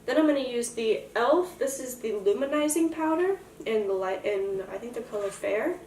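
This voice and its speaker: A woman's voice: fairly high pitch, animated, moderate pace, darkish tone, distant mic, a little hiss or hum. A young woman in a casual makeup tutorial, chatty and self-joking as she explains each step. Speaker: makeup vlogger. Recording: roomy echo, voice from afar.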